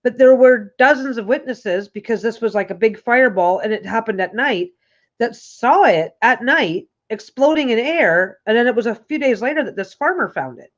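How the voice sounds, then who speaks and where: Rambling woman host, slightly high voice. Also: animated, normal speed. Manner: rambling, with frequent restarts. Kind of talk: casual livestream chat. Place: home, on a couch. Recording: dull lo-fi recording.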